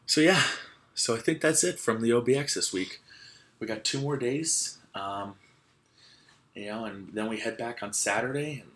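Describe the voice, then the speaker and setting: A man's voice: mid-range voice, normal speed, fairly bright tone. Young man rambling through a podcast story. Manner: rambling, lots of "like" and restarts; laughs while telling stories. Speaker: podcast host.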